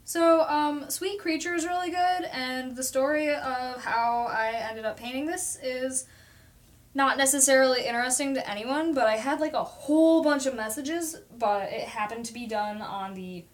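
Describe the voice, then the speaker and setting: A woman's voice: high voice, normal speed. Chatty young woman livestreaming while painting. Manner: chatty, self-deprecating, reads out viewer comments.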